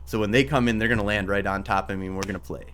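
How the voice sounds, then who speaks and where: A man hosting a podcast, chatting casually and excitably, laughing and acting out little scenes. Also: lowish voice, rapid-fire. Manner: excitable, laughs, acts out quotes. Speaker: podcast host. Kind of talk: casual interview chat.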